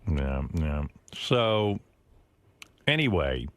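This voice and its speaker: A man's voice: low voice, very animated, drawn-out words, a bit bright, clean tone, dry recording. A middle-aged man hosting a radio show, telling a long rambling story in casual studio chat and acting out the people he quotes. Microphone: studio microphone.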